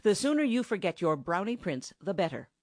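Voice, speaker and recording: Woman reading wicked male enchanter, cold, gruff, sneering, lively delivery. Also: medium pitch, brisk, dry recording, studio quality, natural voice.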